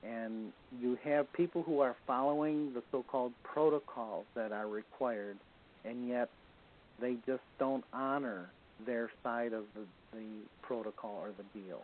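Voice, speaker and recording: A man shares stories as a guest, relaxed and anecdotal, with a habit of chuckling as he goes. His voice sits at an average pitch for a man. It comes through a narrow, phone-like line. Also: measured pace, slight background noise. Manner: chuckles while telling stories. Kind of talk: casual anecdotal storytelling.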